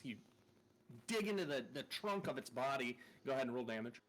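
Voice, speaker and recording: A man's voice: mid-range voice, expressive, fairly quick, a bit bright, a little hiss or hum. A man narrating a tabletop game as game master in a loose, casual way, swearing and laughing between rules calls.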